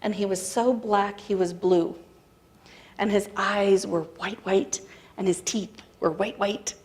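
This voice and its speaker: A middle-aged American woman giving a spiritual talk, telling a story in a conversational, animated way and acting out the dialogue. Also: mid-range voice, slow. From United States. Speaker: spiritual practitioner speaker. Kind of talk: sermon storytelling.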